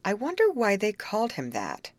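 A woman's voice: mid-range voice, huge pitch swings, normal speed, no echo, voice pushed up. A woman voicing a curious young woman who muses aloud. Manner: musing, curious.

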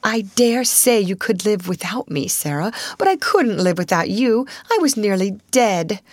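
A woman voicing a tearful, affectionate plump schoolgirl in a high, unsteady, pleading voice, reading a classic novel aloud. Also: lively intonation, unhurried, dry recording.

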